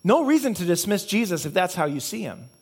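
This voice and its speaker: A man with a notably high voice delivers a sermon as a pastor. He preaches earnestly, stacking one reason on another in repeated chains. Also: big pitch swings, brisk, husky. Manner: earnest, repetitive preaching with building cause-and-effect chains.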